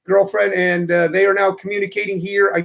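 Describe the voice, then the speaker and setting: A man's voice: sits high, little pitch movement, a little fast, creaky, fairly bright tone. An older man hosting a live-streamed show, chatting casually and rambling with many fillers.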